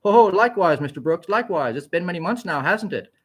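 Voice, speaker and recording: A man's voice: high-pitched, lively intonation, quick pace, slightly rough, pitched above the performer's own voice. A man voicing a cheerful plump young male engineer with a happy, light, almost Swedish-sounding lilt. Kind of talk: audiobook character voice.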